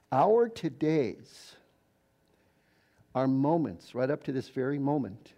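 A man's voice: medium pitch, vocal fry, mellow. An older retired man preaching a sermon in a conversational, storytelling way. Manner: conversational storytelling preacher, quoting others in voices. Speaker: pastor.

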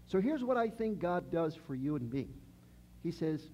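A man's voice: on the high side, big pitch swings, normal speed, warm tone, muffled recording, slight background noise. A man in his sixties preaching a conversational sermon, chatty, asking the congregation questions. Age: 60s.

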